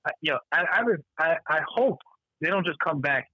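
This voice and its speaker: A man co-hosting a casual podcast chat, animated and profane, who acts out the people he quotes in raised voices. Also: on the high side, normal speed, breathy edge, no room sound, poor audio. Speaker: podcast co-host.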